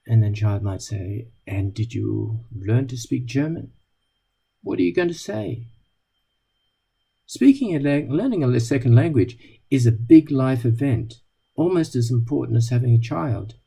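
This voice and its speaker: A man speaks to an audience in a relaxed, mellow tone with a touch of huskiness. He tells wry anecdotes and acts out short exchanges between people as he goes. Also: medium pitch, normal speed, creaky, slightly rough. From not British. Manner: wry, anecdotal, plays out little dialogues. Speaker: speaker giving a talk. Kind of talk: storytelling talk to an audience.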